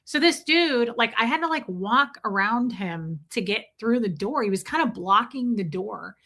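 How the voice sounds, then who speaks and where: Speaking at a normal speed in a slightly high voice, a woman on a livestream recounts a story with casual animation. She keeps breaking off to say hello to people in her chat.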